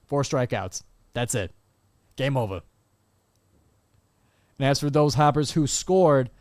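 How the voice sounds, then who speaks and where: A young man hosts a solo sports podcast into a close mic. His voice sits high, and the room sounds dead dry. He moves from game recaps into an animated, exasperated rant full of quick asides. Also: no echo. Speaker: podcast host.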